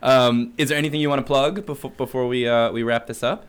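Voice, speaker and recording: Guy hosting a podcast, jokey n kinda halting, thanking his guest. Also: medium pitch, steady tone, clear, resonant tone. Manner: hesitant, joking, with restarts. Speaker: podcast host. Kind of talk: casual chat.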